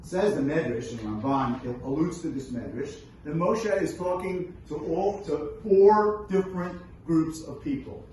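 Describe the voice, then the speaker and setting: Male rabbi, high and very expressive, teaching with rhetorical questions, distant mic in a boomy room. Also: unhurried, few pauses. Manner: animated, asks rhetorical questions, reads verses and translates them. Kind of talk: Torah lesson. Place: event room at a brunch. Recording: very echoey room from far off, faint noise.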